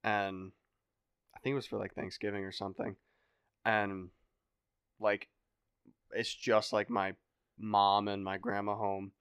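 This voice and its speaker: A young man telling a story in a casual podcast chat, animated and swearing, acting out other people's voices. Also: lowish voice, a little slow, long pauses, clean tone, no echo, studio quality. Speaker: podcast guest.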